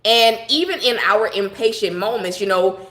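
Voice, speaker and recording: A woman's voice: mid-range voice, normal speed, a bit bright, reverberant. A middle-aged woman giving a personal devotional talk, telling her story in a conversational, heartfelt and reflective way. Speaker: devotional broadcaster.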